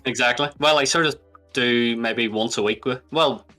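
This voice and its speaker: A man being interviewed as a guest, with a bright, forward tone. He hedges playfully and laughs often over faint music in the background. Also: mid-range voice, moderate pace. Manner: hedging, teasing, laughs often. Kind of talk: casual chat.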